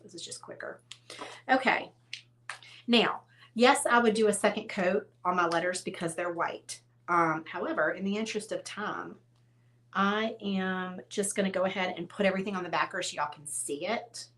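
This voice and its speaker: A woman's voice: medium pitch, normal speed, a bit bright, slight background noise. A woman hosting a casual painting tutorial, chatty and self-teasing as she talks straight to her viewers while she works at a crafting table.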